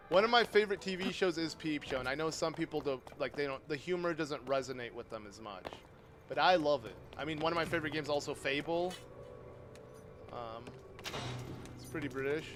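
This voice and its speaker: Chatty streamer, fairly high voice. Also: male voice. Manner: rambling, chatty, answers chat aloud with sudden loud outbursts. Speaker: livestreamer playing a game. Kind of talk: casual live-stream chat with viewers. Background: game music.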